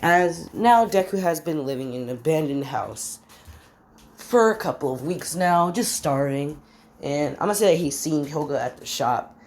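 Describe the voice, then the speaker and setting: A woman improvising a fan story out loud, rambling, stopping on fillers and forgetting names as she goes. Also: low voice, expressive, moderate pace, slight background noise.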